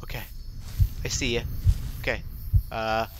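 A man commentating his own play of a scary game, talking to himself and yelping and shouting when startled. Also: medium pitch, level tone, unhurried, background noise. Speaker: gaming video host. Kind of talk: live gameplay commentary.

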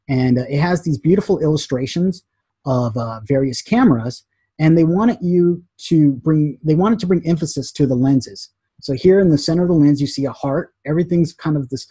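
A man teaching a casual graphic design lesson, chatty and animated, acting out little quotes as he explains. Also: mid-range voice, slightly rough, dry recording.

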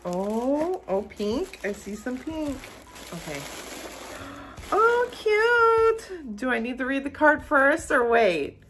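A young manga vlogger unboxes a gift on her phone camera, gushing excitedly with frequent gasps and "oh my gosh." Her voice is a little high and her pace measured, with soft music playing in the background.

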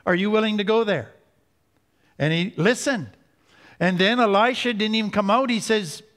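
A man giving an earnest teaching talk on recovery, slowing down to stress key points. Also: high voice, fairly bright tone. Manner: earnest, slows down for emphasis. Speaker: recovery speaker. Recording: hall reverb.

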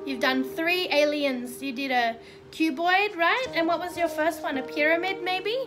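A woman teaching a recorded class for young children, encouraging and asking them lots of questions, over background music. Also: very high-pitched. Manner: slow, encouraging, asks children many questions. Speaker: kindergarten teacher.

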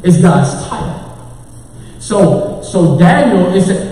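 Brief: male pastor with a Texan accent, high voice, preaching in a big church, roomy sound from a distant mic. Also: animated, takes it slowly, dark tone. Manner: preaching, talks to the congregation and tech crew. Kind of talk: sermon. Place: church sanctuary. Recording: echoey church hall, mic far off.

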